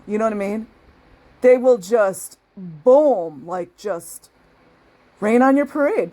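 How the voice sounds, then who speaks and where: A woman talks casually straight to her viewers, chatty and easygoing. She breaks into laughter often and acts out the people she describes. Her voice sits at an ordinary middle pitch. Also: unhurried, darkish tone. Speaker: channel host.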